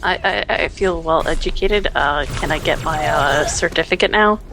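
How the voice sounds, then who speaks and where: A co-commentator bantering during a gameplay session, tossing out teasing questions and quick quips. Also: medium pitch, noisy background.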